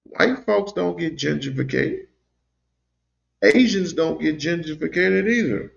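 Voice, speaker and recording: A man co-hosting a call-in stream speaks with emphatic, lecturing force. His voice sits a touch high with a gravelly edge. His audio comes through a muffled, lo-fi remote line. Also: lively intonation, a little slow. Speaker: livestream co-host. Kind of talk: call-in commentary.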